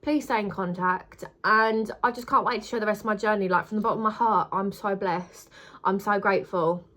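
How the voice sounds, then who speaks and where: A woman's voice: medium pitch, steady tone, brisk, fairly bright tone. A young woman chatting casually to camera, gushing and emotional, repeating words for emphasis. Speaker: vlogger.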